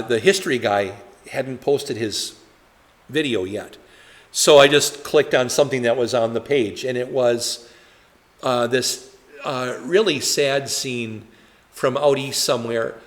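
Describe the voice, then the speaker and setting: A man's voice: medium pitch, fairly bright tone, long reverb tail. A male pastor leading a conversational Bible study, talking in a chatty way with many fillers and rhetorical questions.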